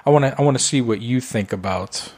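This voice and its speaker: Male podcast co-host, mid-pitched voice, loose profane storytelling. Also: a little fast, a little mellow, husky. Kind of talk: casual chat.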